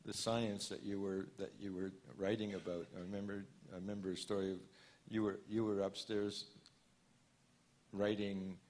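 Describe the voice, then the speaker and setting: A man with a fairly low voice interviews an author on a conference stage. He asks halting questions and often restarts his sentences. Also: flat delivery, a little mellow. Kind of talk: conversation on stage.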